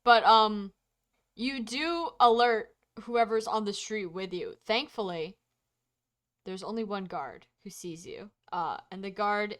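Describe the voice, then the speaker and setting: A woman's voice: medium pitch, takes it slowly, a bit bright. A young woman narrating a tabletop role-playing game as game master, casual with frequent fillers. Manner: casual, many fillers, laughs along.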